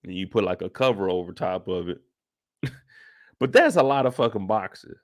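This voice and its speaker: A young man hosting a casual live after-show, talking in loose slang and acting out reactions with sudden loud outbursts. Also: fairly low pitch, lively intonation, moderate pace. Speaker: host.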